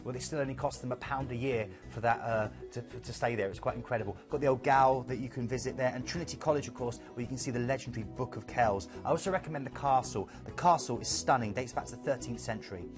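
A man hosts a live TV cruise sales show. He rattles through the ports quickly and with enthusiasm. Music plays clearly behind him. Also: mid-range voice. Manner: enthusiastic, rambling travel descriptions.

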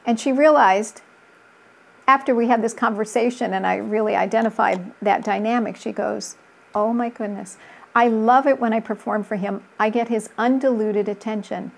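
Her voice is a little high with vocal fry, fairly even in intonation and at normal speed. She's a middle-aged relationship coach being interviewed conversationally, earnestly sharing stories from her work and voicing the people she quotes.

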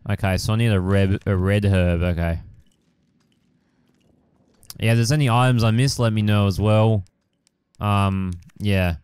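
A man's voice: fairly low pitch, fairly even intonation, a little slow, long pauses, darkish tone, clean tone, dry recording. A young man hosting a casual let's-play, rambling with many fillers and casual swearing as he plays. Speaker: gaming channel host.

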